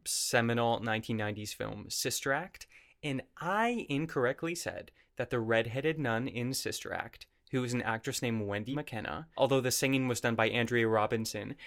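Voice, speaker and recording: A man's voice: mid-range voice, a bit bright. Male podcast host, chatty, joking asides, mid-range voice. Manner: chatty, jokey, quick asides. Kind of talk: casual interview chat. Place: home basement.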